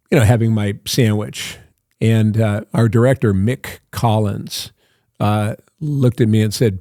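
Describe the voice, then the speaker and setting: A man's voice: fairly low pitch, darkish tone, no room sound, studio quality. An older man, a guest actor in an interview, telling long anecdotes in a loose, self-interrupting way. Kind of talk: casual storytelling interview.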